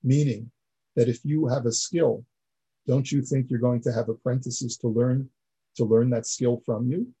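A man's voice: mid-range voice, fairly even intonation, normal speed, warm tone, breathy edge, rough recording. A man teaching a class, explaining earnestly and repeating words as he builds each point. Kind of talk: classroom lecture.

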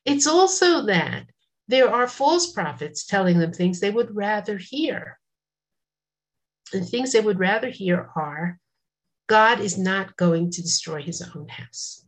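Lady teaching a bible class, reads lines then explains, chatty asides, middle pitch. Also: animated, slow pace. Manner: reads Hebrew verses then translates, conversational asides. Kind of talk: text study lesson.

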